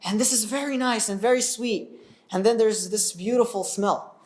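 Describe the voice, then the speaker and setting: Casual, animated male religious storyteller; chats with the audience as he goes. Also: high voice, normal speed. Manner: animated, chatty, asks the audience questions.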